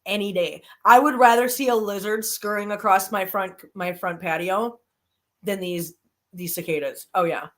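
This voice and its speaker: This woman hosts a live stream, casually chatting with her audience and animatedly telling stories that swing between low grumbles and high squeals. Her intonation is fairly even and her pace moderate.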